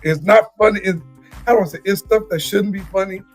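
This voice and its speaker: A man on a morning show telling a story in easy, casual talk, his voice a little higher than most men's. He chuckles as he goes, and soft music plays behind him. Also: brisk.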